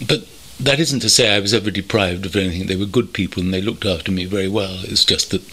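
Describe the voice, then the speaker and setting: An older man from North London looks back on his working life in a slow, thoughtful way, pausing often. His voice is husky with a bright, forward edge. He speaks as a guest, sitting in a country home. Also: low-pitched, fairly even intonation. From North London, England. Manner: thoughtful, measured, with many pauses and ums. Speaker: interview guest, veteran copywriter. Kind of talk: reflective reminiscing.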